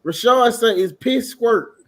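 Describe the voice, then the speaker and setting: A young adult man hosting a casual chat show, telling a profane story loudly and with shouted bursts. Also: very high voice, slow pace. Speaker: podcast host.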